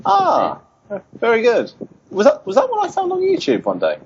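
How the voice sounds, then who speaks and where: British man, lively playful voice. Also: very high voice, moderate pace, gravelly, a little hiss or hum. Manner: playful, dry absurd humor. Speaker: guest voice actor. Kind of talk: casual podcast chat over a call. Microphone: online voice call. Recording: dull lo-fi call audio.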